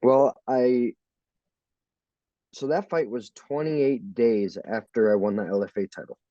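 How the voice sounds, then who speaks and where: A man's voice: medium pitch, steady tone, measured pace, mellow, no room sound, dull audio. A young man in a casual interview, laughing and acting out quotes as he tells stories. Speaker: fighter.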